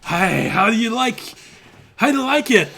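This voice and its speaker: A man voicing a gang of cruel, jeering male rogue bandits who shout and taunt. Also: very high-pitched, big pitch swings, normal speed, gravelly, pitched above the performer's own voice, full character voice. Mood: gleeful shouting.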